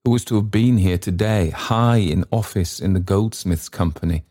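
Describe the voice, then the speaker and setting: A man's voice: deep voice, normal speed, warm tone. A man voicing a nervous, agitated male secretary who speaks in urgent tones. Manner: flustered, urgent.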